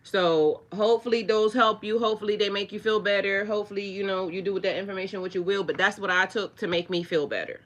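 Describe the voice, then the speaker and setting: Speaking fast with few pauses, this woman has a medium-pitched, steady, somewhat bright voice, though the audio sounds dull. She runs a spiritual livestream, chatting loosely with lots of fillers, addressing viewers head-on and jeering at trolls with open contempt.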